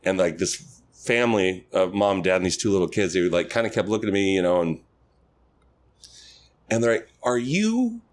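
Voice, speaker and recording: A man, a guest on a podcast who performs at a theme park, telling casual stories and acting out the people in them. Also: quick pace. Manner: animated, acts out quoted people in high voices. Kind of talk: casual storytelling chat.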